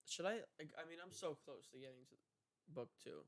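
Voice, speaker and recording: A man's voice: fairly high pitch, animated, a little fast, no room sound. A young man reading a poem aloud casually, stumbling over words and swearing at himself in asides. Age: young adult. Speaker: reader.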